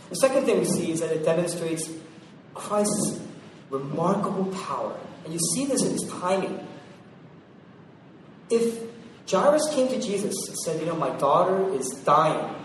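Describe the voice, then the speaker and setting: A man preaching a sermon, emphatic, repeating phrases for weight and swinging from loud to hushed. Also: on the high side. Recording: very echoey hall, heard from far off, noisy.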